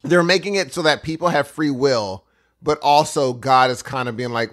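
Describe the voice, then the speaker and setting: A man's voice: medium pitch, normal speed, a bit bright. A man co-hosting a podcast in laid-back, joking casual chat. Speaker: podcast co-host.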